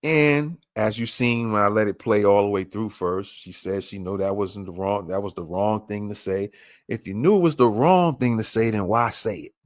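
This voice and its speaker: A man's voice: on the low side, normal speed, dry recording, clean studio sound. A man hosting a podcast, commenting on a clip with emphatic, repeated rhetorical questions. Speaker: podcast host.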